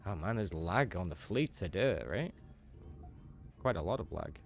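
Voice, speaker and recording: Male streamer, very low voice, playful and teasing, loose casual commentary. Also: expressive, measured pace, creaky, soft background music. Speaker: game streamer.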